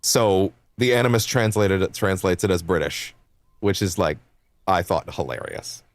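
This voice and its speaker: A young adult man streaming games, chatting casually in a rambling, animated way, laughing often and swearing freely. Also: sits low, moderate pace, no room sound. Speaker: game streamer. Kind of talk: casual chat while livestreaming.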